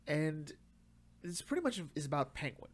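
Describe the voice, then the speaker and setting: A man's voice: a little high, sing-song, moderate pace. A man casually reviewing and recapping a comic run, chatting loosely and acting out the characters' lines.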